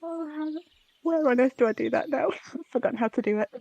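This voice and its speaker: A woman's voice: high voice, quick pace, creaky, no room sound. A woman playing a tabletop game, chatting casually and laughing often. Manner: laughing, lively. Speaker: player. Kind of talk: casual tabletop gaming chat.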